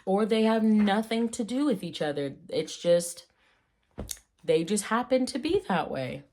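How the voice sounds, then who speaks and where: A woman vlogging casually about slang, playful and rambling, with jokey asides and quick tangents. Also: mid-range voice, lively intonation, a little mellow. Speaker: vlogger explaining old slang. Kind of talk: casual chat.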